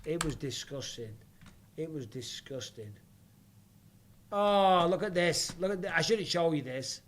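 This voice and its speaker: A man hosting a live fight watch party from home, chatting with viewers and reacting excitedly, with casual swearing. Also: fairly high pitch, normal speed, slight background noise. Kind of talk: live watch-along commentary and chat.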